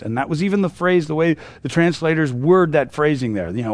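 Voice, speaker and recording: A man's voice: medium pitch, brisk, few pauses, dry recording. A man teaching through a Bible passage in a casual, conversational way, with lots of asides and restarts.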